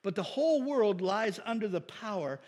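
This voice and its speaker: A man's voice: high-pitched, animated, normal speed, darkish tone, big-room sound. A man preaching a sermon in a folksy, emphatic way, often calling for amens.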